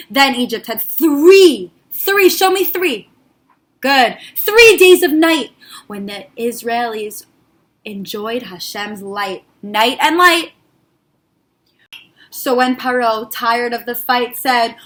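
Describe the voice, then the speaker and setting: A woman storyteller reads to young children in a playful, sing-song way, slow and clear. Her high voice swoops up and down with lots of expression. The tone is bright and ringing. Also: expressive. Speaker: teacher reading to children. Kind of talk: read-aloud storytelling with movement games.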